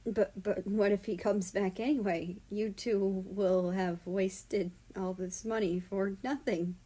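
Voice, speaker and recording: A woman voicing a timid, fragile man who speaks quietly and stammers with a hoarse edge in a story reading. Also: medium pitch, steady tone, slow pace. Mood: anxious.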